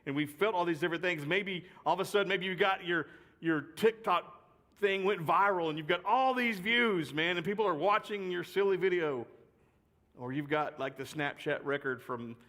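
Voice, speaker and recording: A man's voice: high-pitched, normal speed, bright, forceful tone. Man telling stories in a reverberant hall. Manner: chatty, jokey, repeats phrases for effect. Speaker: youth speaker. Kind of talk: youth sermon with personal storytelling. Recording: long reverb of a large hall.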